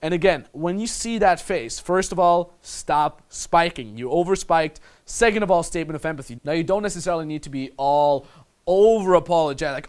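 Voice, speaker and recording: A man with a slightly high voice gives a blunt instructional monologue as a dating coach. His delivery is casual and unpolished. He swears freely and speaks straight to the listener as a friend. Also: fairly quick, darkish tone.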